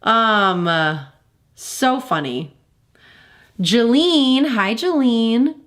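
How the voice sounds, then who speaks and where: A woman's voice: fairly high pitch, lively intonation, drawn-out words, a bit bright. A woman hosting a pop culture livestream in casual chat, talking in a gushing, effusive way.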